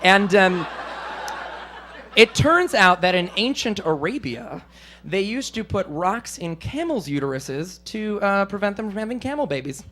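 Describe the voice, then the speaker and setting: A male stand-up comedian performing for a live club audience, animated and self-deprecating, often slipping into silly voices. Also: high voice, unhurried, slight background noise.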